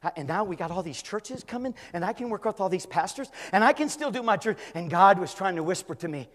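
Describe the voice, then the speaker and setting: An older man, a pastor, preaching a storytelling sermon that swings from quiet talk to shouting, in a church. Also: sits high, expressive, fairly quick. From California. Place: church sanctuary. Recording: church hall with long reverb.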